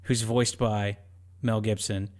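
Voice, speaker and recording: A man's voice: on the low side, takes it slowly. A man in his thirties co-hosting a casual podcast chat, telling stories loosely and acting out quotes in goofy voices. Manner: animated storyteller, acts out quotes in silly voices. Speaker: podcast co-host.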